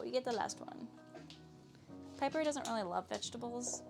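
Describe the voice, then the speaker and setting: A woman's voice: fairly high pitch, lively intonation, normal speed, creaky, pauses often, over music. A woman filming a casual home vlog in her kitchen, chatting to her dogs in a sing-song pet voice. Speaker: vlogger.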